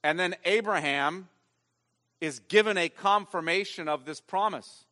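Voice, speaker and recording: A man preaching a sermon as pastor, emphatic, swinging from loud stressed lines to hushed ones. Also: sits high, unhurried, long reverb tail.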